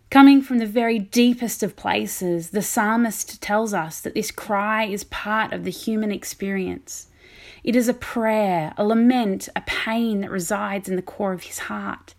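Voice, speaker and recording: A woman vicar delivers a sermon in a reflective, measured way. Her voice sits at an ordinary middle pitch for a woman, and she preaches with calm, deliberate pacing.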